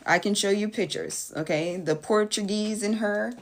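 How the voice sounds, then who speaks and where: Speaking at a normal speed against a noisy background, a woman vlogger and life coach gives her viewers a casual, blunt, emphatic monologue. She swears freely and acts out quoted voices, jumping widely in pitch.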